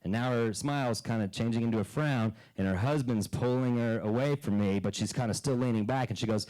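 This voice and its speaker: A man doing a stand-up comedy set on a club stage into a handheld mic, dry and deadpan, breaking into loud character bits. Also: mid-range voice, a little fast, hardly any pauses, rough recording.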